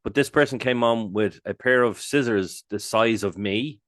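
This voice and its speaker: A man with an Irish accent, co-hosting a podcast and telling stories in casual chat, animated and swearing freely. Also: mid-range voice, moderate pace, no room sound, clean studio sound. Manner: animated, swears freely, jumps into loud quoted exclamations. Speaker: podcast co-host.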